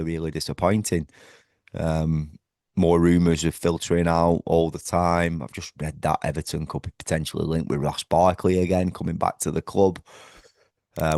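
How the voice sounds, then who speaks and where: A man from northwest England with an extremely low, slightly mellow voice hosts a casual football fan vlog from home. He talks passionately and rambles, full of fillers and restarts, in clean studio sound with no room echo.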